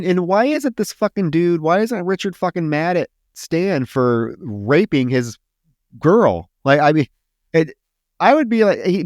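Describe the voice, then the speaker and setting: A man's voice: mid-range voice, no echo. Blunt, swearing man with a dry sound. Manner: blunt, profane, retells scenes with quick acted quotes. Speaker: podcast co-host. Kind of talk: casual film discussion.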